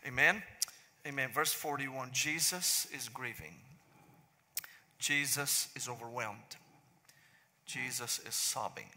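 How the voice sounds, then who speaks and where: A middle-aged man with a Syrian accent preaching a sermon, telling jokes and stories and then praying slowly and solemnly. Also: mid-range voice, bright, forceful tone. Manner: joking storyteller turning to slow solemn prayer. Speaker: pastor. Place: large church sanctuary. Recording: long church reverb.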